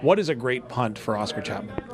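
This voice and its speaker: A man from Canada hosting a sports radio show, asking questions in a lively, joking way. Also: mid-range voice, fairly quick, vocal fry, faint music behind. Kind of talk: radio interview and call-in chat.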